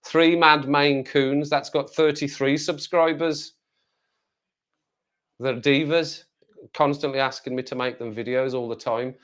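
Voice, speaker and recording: Man, Black Country accent, casual live-stream chatter, rambling, mid-pitched voice. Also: fairly even intonation, a little slow, fairly bright tone. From West Midlands, England. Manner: rambling, chatty, reads viewer comments aloud. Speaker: livestreamer.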